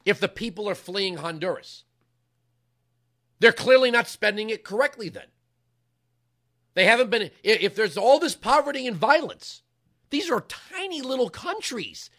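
A man hosting a talk program delivers a heated political monologue. His voice sits high and sounds bright and forceful, and his emphatic delivery climbs into yelling. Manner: impassioned, emphatic, rises to yelling. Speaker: talk show host.

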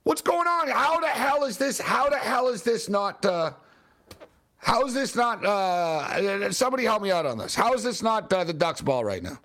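A loud, excitable man reacts to a football game as he hosts friends watching it. His voice sits high and keeps rising in frustration. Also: moderate pace. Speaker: host of a game watch-along. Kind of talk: excited live game chat.

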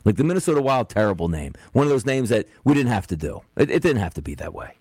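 Sports radio co-host, male, low and lively, opinionated, dry booth sound. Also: quick pace, breathy edge, no room sound. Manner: animated, opinionated, drops low when grumbling. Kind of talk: casual sports talk radio.

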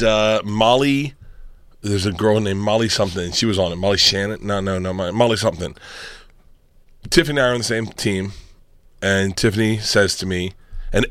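A man telling loud, laughing stories as a guest on a casual podcast. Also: fairly low pitch, normal speed, dry recording, studio quality. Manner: loud storyteller, laughs while talking. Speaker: guest comedian.

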